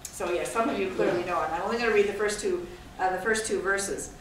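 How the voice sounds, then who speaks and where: Medium-pitched and quick, a woman from Scotland speaks as a guest to an audience, wandering off on tangents in a chatty, self-deprecating manner. The recording is distant and echoey, as in a hall, with a little faint noise.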